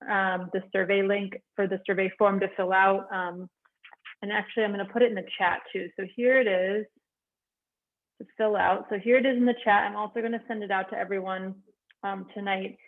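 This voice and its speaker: A woman hosting an online event, giving friendly closing remarks with many fillers over a video call. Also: medium pitch. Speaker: event host. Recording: tinny phone-like call audio.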